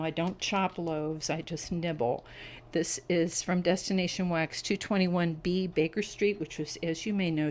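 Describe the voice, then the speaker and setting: A woman's voice: on the low side, rough recording. A middle-aged woman chatting at home in a casual review vlog, enthusiastic and savoring each description. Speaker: wax melt reviewer. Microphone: camera on a tripod.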